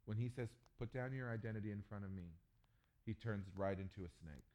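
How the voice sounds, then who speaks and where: A man preaching a sermon, telling stories with humor and jumping to loud, animated bursts. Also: lowish voice, brisk. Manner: animated storytelling with jokes and sudden loud bursts. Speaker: pastor.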